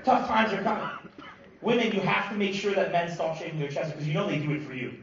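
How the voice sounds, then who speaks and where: A man from Lebanon performs live stand-up, loud and animated as he works the crowd, his voice sitting fairly high. He is heard from far off in a booming, echoey hall. The sound is dull and lo-fi, with a loud crowd laughing behind him. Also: fast talker, slight background noise. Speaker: stand-up comedian. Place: large comedy venue with live audience.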